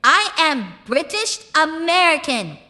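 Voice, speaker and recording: A woman's voice: sits high, big pitch swings, sharp tone. A woman musician from the United Kingdom giving brash, profane interview answers in a casual way. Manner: brash and profane, drawn-out emphatic phrases. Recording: reverberant room with music behind.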